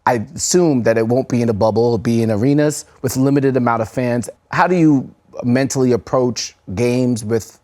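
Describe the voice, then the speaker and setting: A man's voice: mid-range voice, normal speed, hardly any pauses, warm tone. An American man co-hosting a podcast, steering the chat with questions and segment setups. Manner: leads with questions, sets up segments. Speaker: podcast co-host. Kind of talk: casual interview chat.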